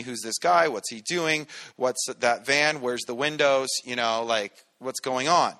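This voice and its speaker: A man's voice: on the high side, sharp tone. A male pastor, preaching in a casual, conversational way and playfully acting out little voices to make his points. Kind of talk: casual sermon. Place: church sanctuary.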